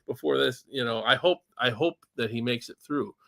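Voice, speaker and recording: A man's voice: mid-range voice, moderate pace, gravelly, bright, forceful tone, no echo. Rambling, chuckling Canadian man host. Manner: rambling, chuckling, many restarts. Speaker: podcast host. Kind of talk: casual livestream chat.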